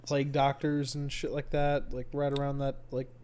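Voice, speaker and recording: A man's voice: medium pitch, completely flat delivery, normal speed, a little mellow, a little hiss or hum. A man co-hosting a casual gaming podcast, laid-back, with lots of fillers and swearing. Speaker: podcast co-host.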